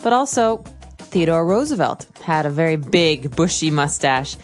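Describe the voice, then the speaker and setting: A woman co-hosting an English lesson, explaining vocabulary clearly with examples. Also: low voice, sing-song, normal speed, soft background music. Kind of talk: casual teaching chat.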